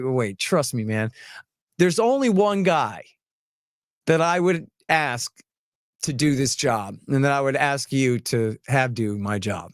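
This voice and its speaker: A man hosting a podcast, chatting casually and telling animated, chuckling stories. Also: medium pitch, a little slow, no room sound, clean studio sound. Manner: animated, chuckling, repeats phrases. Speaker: podcast host. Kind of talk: casual chat, anecdotal storytelling.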